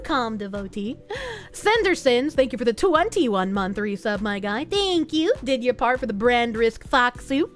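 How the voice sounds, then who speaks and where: A woman VTuber streamer chats casually with her live audience, thanking donors in a bright, high voice. Her tone leaps up and down playfully, full of cutesy baby talk. Every so often she drops in a dry, sarcastic aside. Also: expressive, normal speed, faint music behind.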